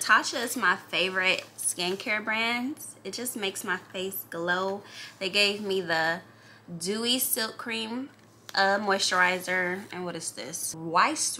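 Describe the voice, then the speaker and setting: A woman's voice: medium pitch, noisy background. Chatty woman vlogging at her makeup table. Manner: chatty, animated, addresses viewers as y'all and honey. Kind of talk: casual vlog chat.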